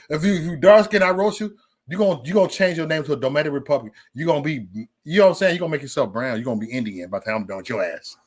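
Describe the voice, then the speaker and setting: A man hosting a casual livestream, joking loudly and cursing, breaking into laughter often. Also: fairly high pitch, fast talker, slightly rough. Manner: loud, joking, profane banter with frequent laughs. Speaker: live stream host.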